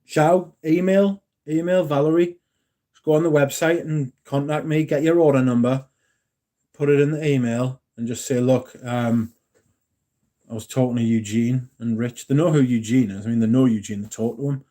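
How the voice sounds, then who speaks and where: English bloke chatting on his stream, mellow low voice, rambles, restarts a lot, swears casually. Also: steady tone, moderate pace. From England. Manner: rambling, self-correcting, jokey and profane. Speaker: livestream host. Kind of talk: casual livestream chat, reading out chat comments.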